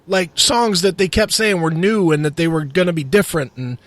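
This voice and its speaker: A man's voice: fairly high pitch, a little fast, no room sound. A middle-aged man, a metal radio host, telling stories with lots of swearing in a casual podcast chat. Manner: profane, animated storytelling.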